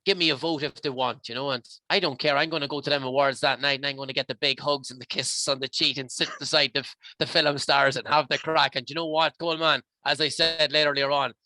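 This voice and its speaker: A man's voice: a little high, fairly even intonation, quick pace, few pauses, bright, forceful tone, no echo. An emotional, passionate Irish man talking as a podcast guest in rambling, heartfelt casual chat. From Ireland.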